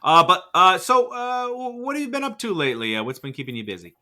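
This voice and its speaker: A male comedy podcast host who jokes playfully through casual chat. His tone is very bright and sharp, and his pitch swings widely. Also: sing-song, fast talker, a little hiss or hum. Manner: jokey, playful, with laughter.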